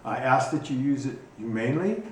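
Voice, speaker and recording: A man who trains hunting dogs explains his gear in a casual instructional video, talking haltingly with frequent ums and restarts. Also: medium pitch, expressive, darkish tone. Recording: echoey room, distant mic, faint noise.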